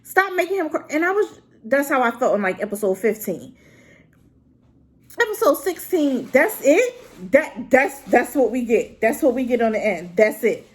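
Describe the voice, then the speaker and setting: A woman's voice: on the high side, very animated, unhurried, breathy edge. A woman reviewing a drama to camera in an unscripted, rambling rant, exclaiming and talking straight to her viewers. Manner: unscripted and unedited.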